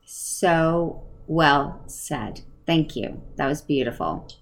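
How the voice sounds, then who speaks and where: Slow, supportive woman host. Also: low voice, animated, creaky, poor audio. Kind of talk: interview talk.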